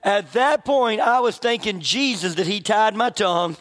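A man with a high voice preaches a sermon, chatting with his congregation and asking them questions as he tells a story. His voice rings out with a long reverb, as in a large church hall. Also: a little slow, a bit bright. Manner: conversational, asks the congregation questions. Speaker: pastor.

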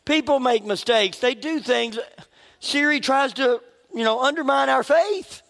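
High-voiced preacher in a reverberant hall. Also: male voice, unhurried, creaky, a bit bright. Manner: conversational, joking, laughs at himself. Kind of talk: sermon. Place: church sanctuary. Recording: long reverb of a large hall.

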